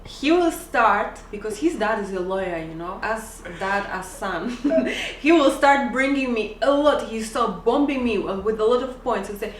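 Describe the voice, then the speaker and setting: A woman's voice: fairly high pitch, animated, measured pace, few pauses, slight background noise. A young woman co-hosting a couple's channel, chatting casually and animatedly, often laughing as she tells stories. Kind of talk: casual chat. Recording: roomy, slightly distant mic, faint ambience.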